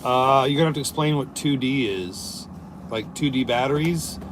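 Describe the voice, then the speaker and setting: A man's voice: medium pitch, normal speed, noisy background. A man who works as a service plumber chatting casually on a live stream from inside his work van, reading viewer comments and joking loosely.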